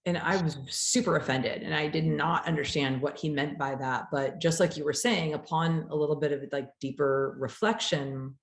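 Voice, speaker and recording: A woman's voice: low-pitched, normal speed, few pauses. A woman coach hosting a casual conversation, reflecting aloud and explaining with rhetorical questions. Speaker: coach and host. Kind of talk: casual chat. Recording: echoey room.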